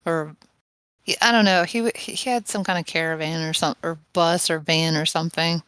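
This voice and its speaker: Lower-voiced woman with a country drawl. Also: fairly even intonation, brisk, fairly bright tone, clear, resonant tone, no echo. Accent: West Virginia country drawl. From West Virginia, USA. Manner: rambling, curious, laughs often. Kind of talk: casual voice chat.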